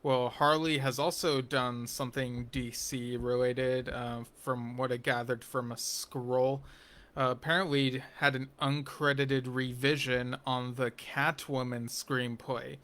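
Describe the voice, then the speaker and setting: A man reviewing a TV episode in a slow, unhurried, rambling way, with a bright, forward tone that stays fairly level in pitch. He keeps circling back with ums and restarts and slips in wry, geeky asides. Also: flat delivery. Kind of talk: casual spoken TV episode review.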